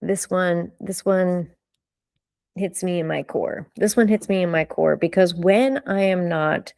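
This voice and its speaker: A woman leads a live coaching session on vocal delivery, emphatic and animated, firing off rhetorical questions. She speaks at an unhurried, deliberate pace, pausing to let points land. The sound is dry and close. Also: lowish voice, vocal fry, no echo.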